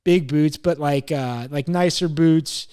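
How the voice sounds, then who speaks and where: A man's voice: fairly high pitch, slow, darkish tone, clear, resonant tone. A young man hosting a podcast, rambling through a story in casual chat, swearing often and quoting himself. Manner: rambling, swears a lot, quotes himself, laughs at himself. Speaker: podcast host.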